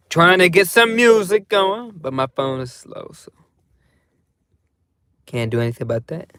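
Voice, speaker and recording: A man's voice: fairly high pitch, expressive, takes it slowly, pauses often, pushed and bright, clear, resonant tone. A young man chatting casually in a loose, rambling vlog from inside his car, laughing often. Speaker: vlogger.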